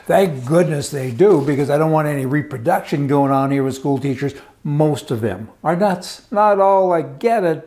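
A man's voice: a little high, mellow. An older man delivering a sarcastic opinion monologue, ranting and chuckling as he talks. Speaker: commentary host.

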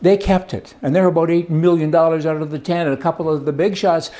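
A man's voice: fairly high pitch, steady tone, fast talker, dark tone. A middle-aged man from Canada delivering a blunt, sarcastic monologue of opinion commentary.

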